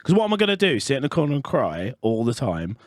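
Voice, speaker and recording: A man co-hosting a podcast in casual chat, telling stories with dark humour, swearing and stopping to restart his sentences. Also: mid-range voice, huge pitch swings, fast, no room sound, clean studio sound. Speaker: podcast co-host.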